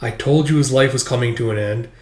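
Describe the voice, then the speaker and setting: A man voicing a calm, blank-faced young man who speaks in a flat, even way. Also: mid-range voice, fast talker, roomy sound, natural voice. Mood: ominous.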